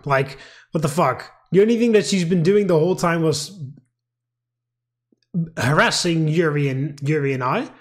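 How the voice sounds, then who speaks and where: A young man playing a visual novel, casually commenting and reading the game text aloud, getting exasperated and swearing at the story's choices. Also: fairly high pitch. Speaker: let's play gamer.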